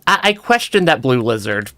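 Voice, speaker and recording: Young male streamer, bright tone, lively pitch, stammery casual game commentary, laughs often, dry close mic. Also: normal speed, no echo. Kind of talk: casual let's-play commentary.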